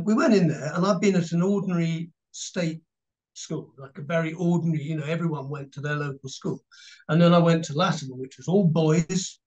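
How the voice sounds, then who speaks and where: A man in his sixties with an English accent, chatting as an interview guest. He tells his stories with lively energy and bursts of laughter, his voice sitting slightly high. The recording sounds dull and lo-fi. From England. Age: 60s. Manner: animated storyteller, laughing, mimicking others. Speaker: guest actor. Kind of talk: casual anecdotal interview.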